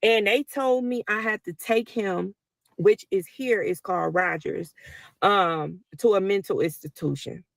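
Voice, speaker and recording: A woman's voice: mid-range voice, measured pace, gravelly, no room sound. A mother telling a personal story to viewers in a casual, emotional way, talking straight to them as y'all. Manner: talkative, emotional, addresses listeners as y'all.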